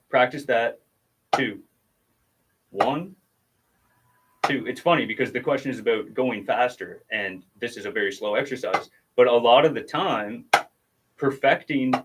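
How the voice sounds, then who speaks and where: Over background noise, a man with a medium-pitched voice gives a casual drum lesson on a livestream. As a drum teacher, he patiently explains technique and counts out strokes while demonstrating.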